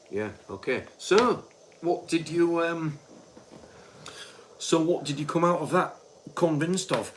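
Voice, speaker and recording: A man's voice: a little high, lively intonation, slow, pauses often. A man from Britain in casual chat, reading back notes from a session in a conversational way. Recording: faint background noise.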